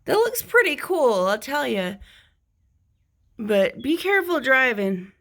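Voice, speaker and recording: A woman's voice: sits high, very animated, slow, fairly bright tone. A woman talking casually in a rambling, easygoing morning vlog at home by a window. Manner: rambling, easygoing, drifts into whispers. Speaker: vlogger.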